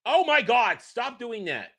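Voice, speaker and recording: Bright-voiced man ranting loudly. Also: extremely high pitch, sing-song, unhurried. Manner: angry, profane, shouting rants. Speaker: show host. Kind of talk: ranting commentary.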